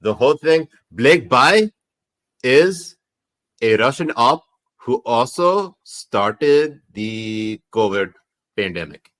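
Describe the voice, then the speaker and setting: A man's voice: medium pitch, lively intonation, slow, a bit bright. A man putting on a Pakistani-accented uncle, sir-ing everyone. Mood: conspiratorial. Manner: formal, addresses everyone as sir. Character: male desi uncle spinning conspiracy theories.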